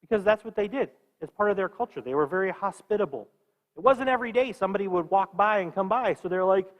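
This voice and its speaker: Man, higher voice, teaching a class in a church hall with long reverb. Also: animated, fast talker. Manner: conversational, quizzes the students.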